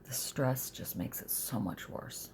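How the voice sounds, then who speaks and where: Gravelly middle-aged woman venting. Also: very deep voice, a little slow, a little mellow. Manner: rambling, confessional, drops to near-whispers. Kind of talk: casual personal vlog, venting. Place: sitting in bed at home.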